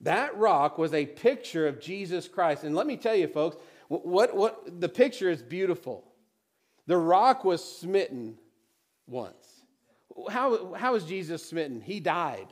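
Man preaching, higher voice, scripture reading then plain explanation, animated. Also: normal speed, hardly any pauses. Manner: reads scripture aloud, then explains it conversationally; animated, drops to quiet emphasis. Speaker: pastor. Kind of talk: sermon.

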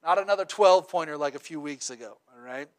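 A middle-aged man preaching a sermon in a conversational way, often checking in with "okay?" and "right?". He swings from loud, emphatic stretches to quiet, intimate ones. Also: a little high, fast talker, smooth. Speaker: pastor.

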